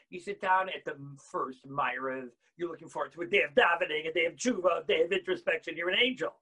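A man teaching a Torah lesson as a rabbi, impassioned, swinging between quiet explanation and loud bursts. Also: on the high side, quick pace, few pauses, slightly rough, poor audio.

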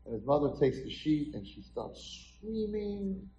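A man's voice: on the high side, very animated, unhurried, mellow. A man, a rabbi, dramatically telling a story in a sermon at an event hall. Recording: echoey hall.

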